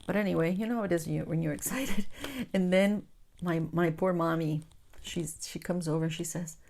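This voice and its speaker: She speaks briskly, her fairly low voice darkish in tone and fairly even in intonation. Hosting her crafting channel, she tells stories in casual chat, refers to her audience as "guys," and now and then whispers.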